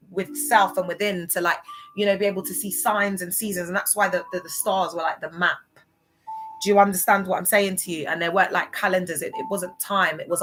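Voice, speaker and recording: A woman's voice: fairly low pitch, a bit bright, poor audio. A woman talks casually to her viewers, rambling and getting emotional as she goes. Her speech is full of fillers and restarts. Faint music plays underneath. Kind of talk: casual livestream chat.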